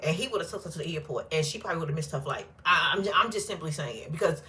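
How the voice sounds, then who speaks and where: A woman's voice: low voice, lively intonation, fast talker, sharp tone. A woman hosting a casual reality TV recap, talking bluntly and animatedly, with plenty of cursing and laughter. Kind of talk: casual reaction commentary.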